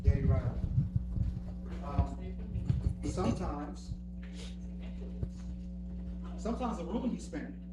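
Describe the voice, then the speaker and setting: A man's voice: a little high, lively intonation, slow, pauses often, over loud music. A man leading a church question-and-answer session in a casual, joking way, using slang, laughing often, and acting out little quotes. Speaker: church Q&A leader. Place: church meeting room with a microphone.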